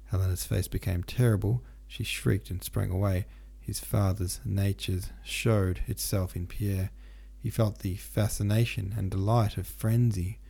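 Casting: low, gravelly male narrator for a literary audiobook, occasional restarts. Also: a little slow, few pauses. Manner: steady reading with occasional stumbles and restarts.

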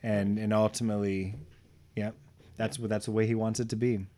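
A man's voice: lowish voice, flat delivery, fairly quick, mellow, a little hiss or hum. A man co-hosting a casual Bible study conversation, easygoing, who reads passages aloud with emphasis. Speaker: podcast co-host reading scripture.

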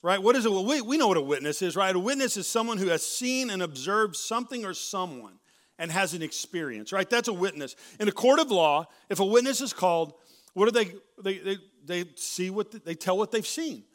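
A man preaching a sermon in a casual, conversational way, often tagging "right?" onto his points and restarting sentences, a little hoarse and clearing his throat. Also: high voice, lively intonation, a little fast. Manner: conversational, keeps asking "right?", with many restarts. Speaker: pastor. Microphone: handheld or stage mic.

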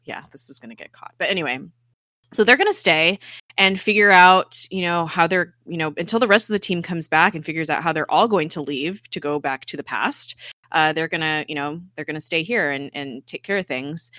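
A woman's voice: deep voice, brisk, sharp tone, no echo, clean studio sound. A woman co-hosting a casual chat, retelling scenes animatedly and laughing often. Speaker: podcast co-host.

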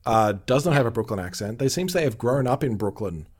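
A man's voice: mid-range voice, lively intonation, brisk, slightly rough. A man hosting a podcast in casual chat, explaining his points at length and laughing easily. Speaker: podcast host.

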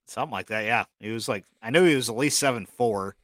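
A man's voice: medium pitch, quick pace, a bit bright, dry recording. A man co-hosting a podcast, telling rambling stories in casual chat and often apologizing for his own jokes. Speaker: podcast co-host.

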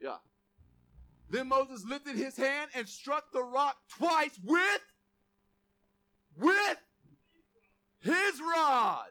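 A man preaching a sermon as pastor, animated and joking, reading scripture aloud and shouting some quoted lines. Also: very high-pitched, very slow, pauses often. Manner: animated, jokey asides, reads scripture aloud.

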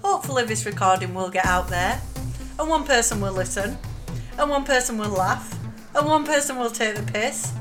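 A woman hosting her own podcast, chatting casually, excitable and poking fun at herself. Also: a little high, moderate pace, music in the background. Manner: chatty, excitable, self-mocking. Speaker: podcast host. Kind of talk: casual solo podcast chat.

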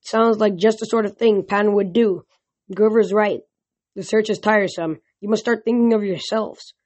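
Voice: medium pitch, normal speed, darkish tone, lightly acted. A reader voicing a moody, snappish male god of wine in an audiobook. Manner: snappish, languid. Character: moody, bored wine god, grieving man.

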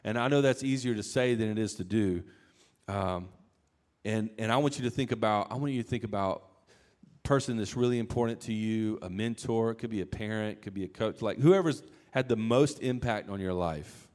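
A man preaching a sermon in a conversational, animated way, acting out quoted lines. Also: lowish voice, brisk. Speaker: pastor.

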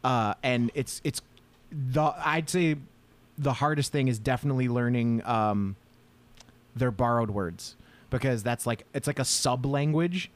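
A man's voice: mid-range voice, unhurried. A man co-hosting a podcast in casual chat, rambling with many fillers and blunt profanity. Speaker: podcast co-host.

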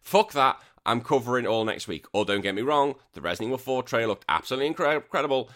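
A man's voice: medium pitch, fast. A man hosting a podcast, chatting casually and ranting with lots of swearing. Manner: animated, swears a lot, exasperated rants. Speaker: podcast host.

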